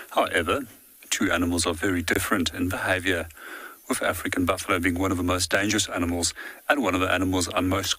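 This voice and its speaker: Brief: male bush guide, low and bright, dry close sound, patient teaching manner. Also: no echo, poor audio. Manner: calm, explanatory, teaching tone. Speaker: safari guide. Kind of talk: live field commentary on a walking safari. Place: outdoors in the bush on foot.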